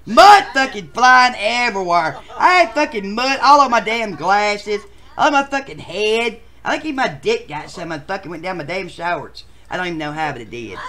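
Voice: mid-range voice, animated, normal speed, slight background noise. Someone voicing a foul-mouthed bachelor. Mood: rambling. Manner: profane storytelling with sudden shouted outbursts. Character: crude rowdy male bachelor contestant, loud and foul-mouthed. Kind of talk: comic machinima voice acting.

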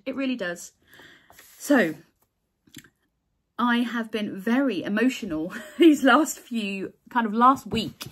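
A woman in casual chat to camera, talking about her crochet work in a heartfelt, chatty way, with restarts and soft laughs; she says she is tired. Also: mid-range voice. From England. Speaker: crochet designer and vlogger.

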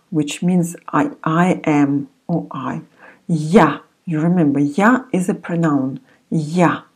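A woman with a Russian accent teaching a language lesson, pronouncing each word slowly and repeating it several times. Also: on the low side, darkish tone, husky.

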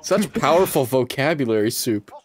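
A man's voice: medium pitch, animated, normal speed. A man hosting a game stream, bantering goofily with friends and swearing freely. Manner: goofy, giggly, swears freely. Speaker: streamer host. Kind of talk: casual gaming banter. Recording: noisy game stream audio.

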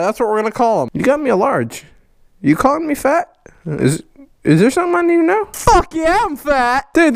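Hyper goofy young man, swooping voice. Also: dry recording. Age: 20s. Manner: loud, hyper and goofy, swings between high yelps and low growls. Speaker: vlogger opening fan mail. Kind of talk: casual vlog chat.

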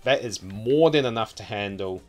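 A man's voice: fairly low pitch, animated, moderate pace. A man with a New Zealand accent giving casual, offhand commentary as he builds a city in a game, muttering wryly to himself.

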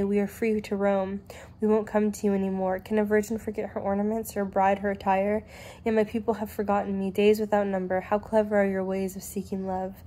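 A young adult woman reading scripture aloud in a steady, measured way. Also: medium pitch. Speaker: Bible reader.

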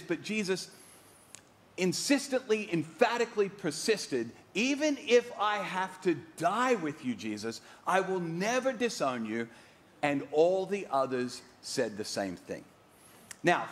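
A male pastor with a mixed Australian-American accent, preaching a sermon and telling the story with drama, acting out the quotes. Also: fairly high pitch. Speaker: guest pastor.

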